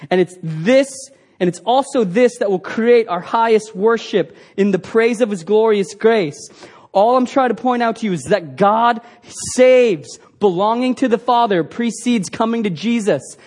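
A man's voice: sits high, a little slow, darkish tone. A man preaching a sermon as pastor, earnest and emphatic, asking the congregation rhetorical questions.

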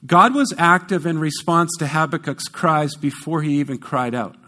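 Guy preaching, pretty high voice, emphatic, repeats words to hammer them home. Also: moderate pace, bright, forceful tone. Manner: self-correcting, conversational asides. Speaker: pastor. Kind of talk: sermon.

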